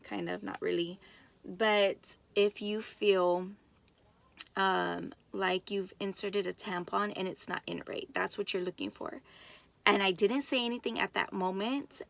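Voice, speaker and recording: A young woman tells a story to her viewers in a chatty, excited way, turning again and again to talk to them directly. Her mid-pitched voice carries a gravelly fry. She talks like a vlogger sharing news with friends. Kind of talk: casual storytelling to camera.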